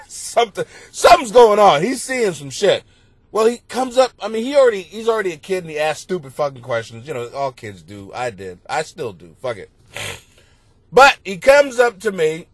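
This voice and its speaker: A middle-aged male comedian telling rambling, profane stories on his podcast, bursting into loud exclamations. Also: on the high side, no room sound. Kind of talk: comedic storytelling monologue. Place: basement at home.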